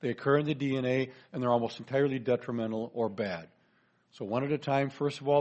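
A man's voice: medium pitch, fairly even intonation, quick pace, a little mellow, dull audio. A man giving a chatty presentation lecture, joking with his audience. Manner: chatty, folksy, jokes to the audience.

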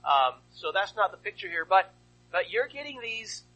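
A man's voice: high voice, very animated, moderate pace, bright, forceful tone, dull audio. A male pastor preaching a sermon, asking rhetorical questions and retelling a story with animation.

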